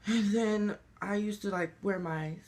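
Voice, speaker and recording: A man's voice: sits high, a little slow, a little mellow. A young man telling his story in an emotional, rambling confessional vlog. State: crying. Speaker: vlogger.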